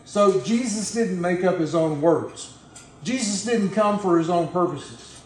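A man's voice: high voice, lively intonation, a little slow, echoey room, a little hiss or hum, rough recording. A man preaching a sermon, reading scripture aloud and pressing its points on his listeners in an earnest, emphatic way. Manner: earnest, emphatic, addresses the congregation directly.

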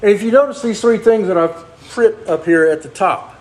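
High-voiced man preaching a sermon. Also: moderate pace, darkish tone. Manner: earnest, conversational preaching with rhetorical questions.

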